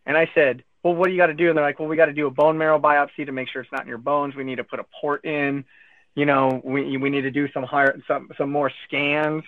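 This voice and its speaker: A man's voice: on the high side, fairly quick, dry recording. A man recounting his cancer diagnosis in casual conversation, acting out what friends and doctors said to him. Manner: animated retelling, acting out quotes of others. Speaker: guest telling his cancer story. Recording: tinny phone-line sound.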